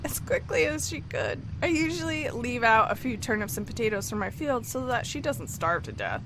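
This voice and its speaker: A woman's voice: fairly high pitch, very animated, normal speed, background noise. A woman voicing an easygoing male farmer, reading game dialogue aloud in a chatty, matter-of-fact way.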